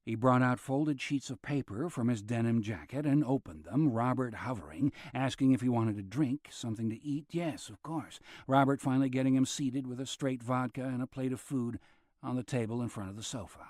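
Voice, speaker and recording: A man narrating a thriller audiobook, shifting his pitch as he voices different characters. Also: fairly quick, mellow, no echo, clean studio sound. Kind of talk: scripted narration.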